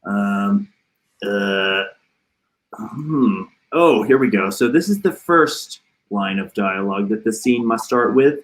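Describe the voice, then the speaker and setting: A man hosting an online improv comedy show, setting up a scene in a halting way with many fillers. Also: on the low side, lively intonation. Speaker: improv host.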